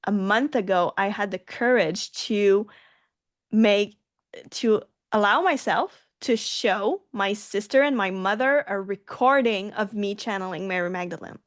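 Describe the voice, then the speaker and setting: A woman guest giving an earnest, halting personal testimony in an interview. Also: mid-range voice, no room sound, studio quality.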